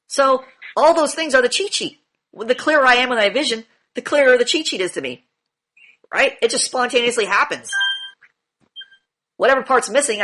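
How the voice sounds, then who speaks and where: A woman's voice: a little high, a bit bright. A woman teaching an acting class, blunt and demanding, swearing freely as she questions her students.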